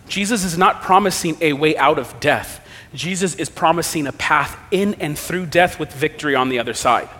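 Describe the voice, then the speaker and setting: A man's voice: on the high side, a bit bright. A man preaching a sermon as pastor, earnest and emphatic, his volume rising and dropping for effect. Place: church sanctuary. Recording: long reverb of a church hall.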